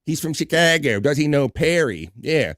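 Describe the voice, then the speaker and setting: A man's voice: a little high, big pitch swings, moderate pace, a bit bright, no room sound, clean studio sound. A man hosting a casual livestream show, reading chat aloud, laughing and swearing loosely. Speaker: host.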